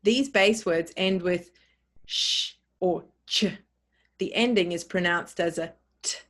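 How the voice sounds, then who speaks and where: A woman leads a pronunciation lesson at an unhurried pace. Her voice sits a little low, and she repeats each word and spells it out letter by letter for learners. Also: fairly bright tone. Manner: careful, repeats and spells words out. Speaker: teacher.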